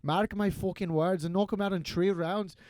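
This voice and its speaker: A man's voice: high voice, steady tone, normal speed, a little mellow, pitched above the performer's own voice, lightly acted. A man doing an impression of a brash, boastful Irish fighter with an Irish accent, swearing and stretching his words.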